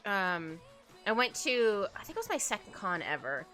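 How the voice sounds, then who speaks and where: A woman's voice: mid-range voice, very animated, moderate pace, bright, forceful tone. A young woman streaming as she draws, chatting casually, giggling often and rambling. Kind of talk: casual chat while drawing on stream. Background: faint background music.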